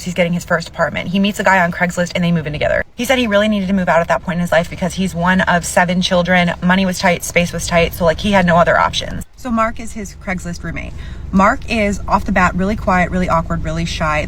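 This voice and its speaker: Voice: medium pitch, fairly bright tone, slight background noise, rough recording. A storyteller recounting a story in a chatty, casual way, full of "like". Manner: chatty, fillers of "like".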